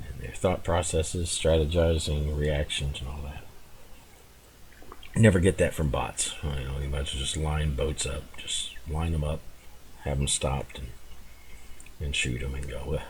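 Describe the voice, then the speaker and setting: A man giving relaxed, rambling commentary while playing a game, chuckling and restarting his thoughts as he goes. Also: a bass voice, a little hiss or hum. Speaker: gameplay commentator. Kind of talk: casual gameplay commentary.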